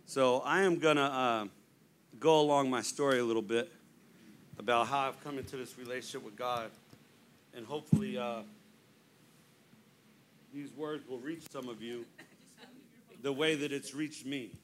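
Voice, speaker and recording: Brief: gruff middle-aged man, church testimony, jokey and candid, average pitch. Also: steady tone, normal speed, long pauses, noisy background. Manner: gruff, storytelling with humor. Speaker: lay preacher giving testimony. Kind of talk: sermon testimony.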